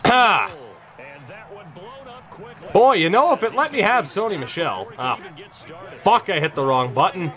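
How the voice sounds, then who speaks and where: Slow-talking young man narrating a football game. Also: very animated. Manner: emotional, swears often, shifts from tense muttering to high yelling. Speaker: gaming YouTuber. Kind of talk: gameplay commentary.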